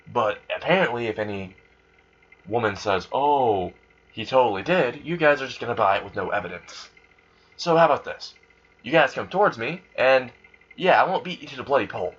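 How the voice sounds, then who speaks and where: A man's voice: mid-range voice, a bit bright, husky. A man voicing a cold, threatening teenage male student who talks bluntly and mockingly, on a dull lo-fi recording. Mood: menacing.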